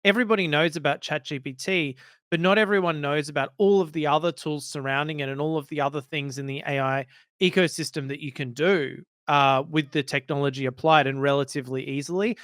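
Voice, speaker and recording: Brief: male co-host, slightly high, smooth clear voice, dry close mic. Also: steady tone, brisk, a bit bright, no echo. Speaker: podcast co-host. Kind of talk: casual tech podcast chat.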